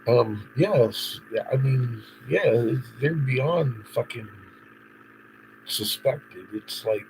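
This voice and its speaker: Man, livestream rant, agitated, swearing, rambling, drawn-out delivery, noisy car recording. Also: mid-range voice, expressive. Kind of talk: unscripted live-stream monologue.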